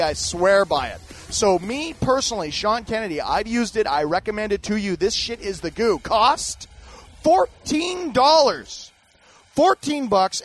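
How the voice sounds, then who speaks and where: A man's voice: high voice, a bit bright. A middle-aged man hosting a daily news show, ranting angrily and swearing emphatically as he reads stories and plugs products. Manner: angry, profane, emphatic. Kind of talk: profane ranting news commentary.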